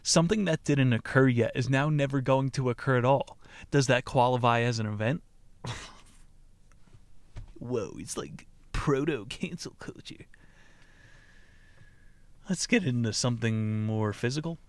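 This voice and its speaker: A man hosting a podcast, reading a book aloud in a deadpan way and breaking off into laughing, profane asides. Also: medium pitch, fairly quick, clear, resonant tone, no echo. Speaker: podcast host.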